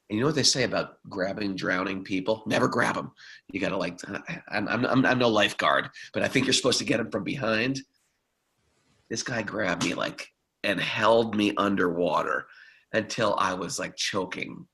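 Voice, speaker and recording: A man co-hosting a podcast, telling a story in a lively, casual way and acting out the quotes. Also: on the low side, moderate pace, gravelly, rough recording. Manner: animated storyteller, acts out quotes. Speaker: podcast co-host.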